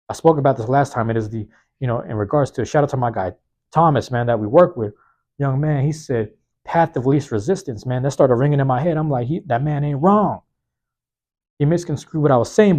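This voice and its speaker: A slightly hoarse man hosting his own podcast, talking alone in a casual, slangy way and repeating key phrases for emphasis, recorded with a phone microphone in a small university room. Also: mid-range voice, darkish tone. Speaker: podcast host. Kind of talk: solo motivational monologue. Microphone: plug-in microphone on a phone.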